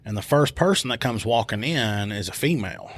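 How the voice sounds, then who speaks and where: A man's voice: lowish voice, fairly quick. A man, a police officer telling stories casually on a podcast and acting out what people said. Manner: animated retelling, acts out quotes in raised voice. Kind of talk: casual storytelling. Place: podcast studio.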